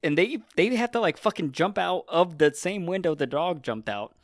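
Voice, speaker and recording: A man's voice: high voice, lively intonation, normal speed, no room sound. A man chatting casually as a podcast host, retelling a story in a loose, rambling way with lots of swearing and filler. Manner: rambling, profane, heavy use of "like". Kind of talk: casual chat.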